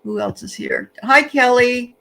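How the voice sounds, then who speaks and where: Bright-voiced woman co-hosting a livestream. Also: fairly high pitch, wildly swooping pitch, a little slow, rough recording. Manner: greets viewers by name, chatty with frequent fillers. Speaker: livestream co-host. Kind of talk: casual livestream chat.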